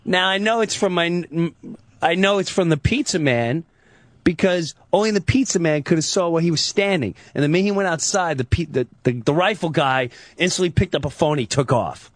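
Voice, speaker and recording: A man telling a comic story, excitable and profane, acting out the people in it. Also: on the high side, fairly quick, dry recording, clean studio sound. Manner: excitable, profane, restarts and acts out voices. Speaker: comedian guest.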